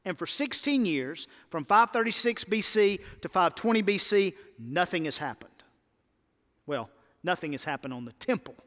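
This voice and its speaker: A man preaching a sermon as pastor, leading his congregation in call-and-response and swinging between emphatic peaks and quiet low lines. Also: long reverb tail. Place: church sanctuary.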